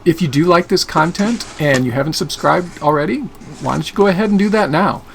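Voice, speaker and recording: A man's voice: fairly high pitch, a little fast, vocal fry, slight background noise. A man narrating a scripted video essay as host of his channel.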